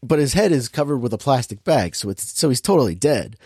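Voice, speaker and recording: A man chatting through a film's plot in a loose, rambling way, leaning on filler words as he goes. His voice sits at an ordinary middle pitch. The recording is close and dry, with no room sound. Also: sing-song, brisk, warm tone, husky, dry recording. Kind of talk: casual movie recap chat.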